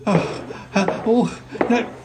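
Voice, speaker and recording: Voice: mid-range voice, very slow, background noise. A performer voicing Paul, a shy yeti shrunk very small, stammering and flustered.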